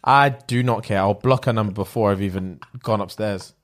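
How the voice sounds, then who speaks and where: A man's voice: fairly low pitch, moderate pace. A young man, co-hosting a podcast with brash, blunt banter in casual chat. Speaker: podcast co-host.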